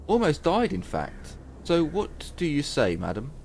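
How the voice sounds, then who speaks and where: A man's voice: a little high, wildly swooping pitch, unhurried, darkish tone, a little hiss or hum, voice pushed up, full character voice. A man voicing a boastful young wanderer in a game who brags and haggles in a hammy way.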